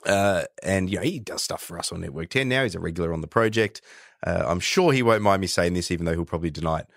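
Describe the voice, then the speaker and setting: An Australian man co-hosting a podcast, telling a political story in casual chat with animated delivery. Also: sits low, quick pace, gravelly, dry recording, studio quality. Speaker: podcast co-host.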